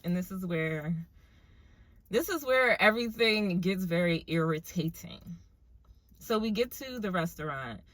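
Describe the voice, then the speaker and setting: A young woman casually telling a story to her viewers in an animated, chatty way, full of fillers. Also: on the low side, unhurried, dry recording.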